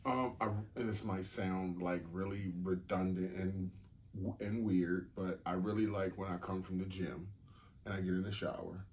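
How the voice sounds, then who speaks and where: Deep-voiced laid-back male co-host. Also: fairly even intonation, normal speed, darkish tone, a little hiss or hum. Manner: laid-back, candid, joking, many "um"s. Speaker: podcast co-host. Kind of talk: casual chat.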